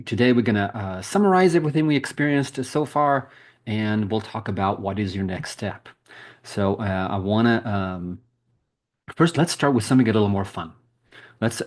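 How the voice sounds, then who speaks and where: Over a video call, a man with a lowish voice guides a group spiritual challenge through a meditation. He speaks softly and slowly in a soothing way, leaving long pauses.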